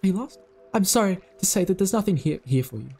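A man putting on a gentle, weary old machine woman. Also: high voice, lively intonation, quick pace, husky, faint music behind, voice pushed up, exaggerated voice. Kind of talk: reading game dialogue aloud.

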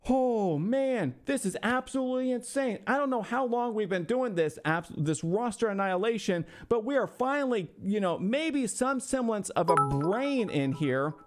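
A man's voice: high voice, animated, normal speed, few pauses, faint music behind. A man streaming a mock-insulting review of a viewer's game roster, ranting profanely and sarcastically in exasperation. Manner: sarcastic, talks back to imagined hecklers. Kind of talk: mock-insulting livestream commentary.

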